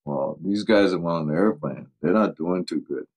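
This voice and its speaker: Deep-voiced older man telling stories. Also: normal speed, rough recording. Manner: animated anecdotes, acts out quoted voices, laughs often. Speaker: football coach guest. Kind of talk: casual storytelling interview.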